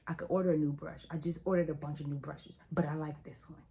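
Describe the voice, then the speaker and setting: A young woman vlogger telling a story in a casual, animated, chatty way, speaking straight to her viewers. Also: low-pitched, fast talker, gravelly, poor audio.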